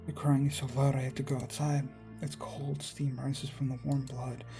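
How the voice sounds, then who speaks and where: A man reading a visual novel aloud in quiet, brooding first-person narration. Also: medium pitch, flat delivery, normal speed, vocal fry, music in the background. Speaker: let's player.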